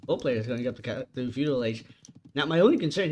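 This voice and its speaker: A tired man doing chatty solo commentary on a strategy game match, relaxed and casual. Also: mid-range voice, quick pace, slight background noise. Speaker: esports caster.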